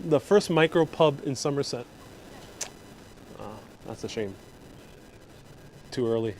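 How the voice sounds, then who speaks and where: A man's voice: medium pitch, lively intonation, measured pace, a little mellow, slight background noise. A man hosting a live walking-tour vlog on city streets, chatty and joking as he talks straight to his viewers. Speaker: travel vlogger host.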